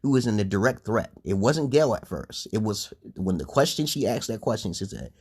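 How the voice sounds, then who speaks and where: A man rants on a livestream in a husky, breathy voice. He rambles and swears freely, and his pitch swoops high whenever he gets worked up. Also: expressive, fairly quick, a little mellow. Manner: rambling, crude, jumps to high pitch when heated. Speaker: livestream host. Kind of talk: profane livestream rant.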